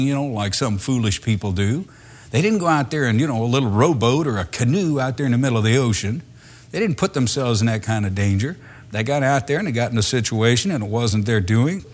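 Man, preacher, sermon delivery; conversational and dramatic, with pitch that swings widely. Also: breathy edge. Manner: lively and conversational, acts out voices with laughter.

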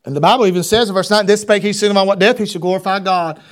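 A man's voice: high-pitched, rapid-fire. A man preaching a sermon, quoting King James scripture and building to fervent cries. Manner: animated preaching, reading scripture in King James wording, rising to shouts.

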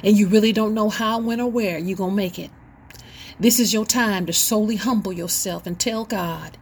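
A woman's voice: mid-range voice, normal speed, breathy edge. A middle-aged woman hosting her own show, preaching an impassioned, sermon-style testimony with rising and falling emphasis. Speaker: host and inspirational speaker.

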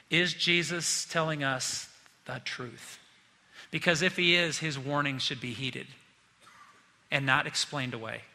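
A man preaching a sermon as pastor, telling stories in a lively, joking way. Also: fairly high pitch, in a large hall.

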